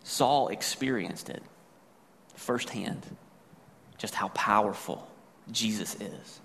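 A man's voice: lowish voice, slow, gravelly, a bit bright, a little hiss or hum. A male pastor preaching a sermon, retelling a scripture story in a conversational way with asides. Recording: long reverb of a church hall.

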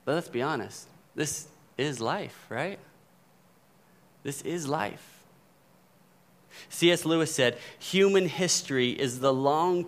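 A man preaching a sermon in a conversational way, often checking in with the congregation. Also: a little high. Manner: conversational preaching, frequent "right?" asides. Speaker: pastor.

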